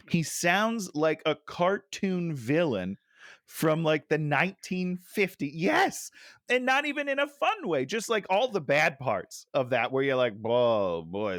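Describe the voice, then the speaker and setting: A man's voice: on the high side, fairly bright tone, no echo, clean studio sound. A middle-aged man co-hosting a casual movie-review chat on a headset, ranting and sighing in exasperation. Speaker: podcast co-host.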